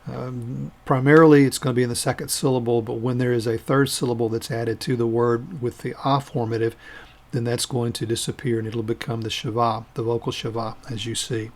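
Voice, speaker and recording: A man of ordinary pitch leads a recorded grammar lesson. He explains each form step by step in a patient, methodical way. He pauses so learners can repeat words after him. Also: little pitch movement. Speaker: Hebrew teacher.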